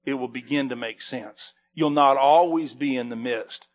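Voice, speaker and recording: A man preaching a sermon as pastor, reading scripture and then teaching, with dramatic swells and hushed drops. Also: medium pitch, normal speed, muffled recording.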